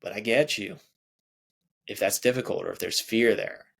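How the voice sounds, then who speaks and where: Low, gravelly man guiding a body scan. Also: moderate pace. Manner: relaxed, chatty guidance with sighs and laughs. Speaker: podcast host. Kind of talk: guided body scan meditation.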